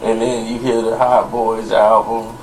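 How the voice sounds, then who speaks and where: A man's voice: lowish voice, flat delivery, unhurried, darkish tone, slight background noise, low-quality recording. A man telling a story in casual commentary, hesitant and rambling, with many fillers and restarts. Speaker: commentator in the reviewed video.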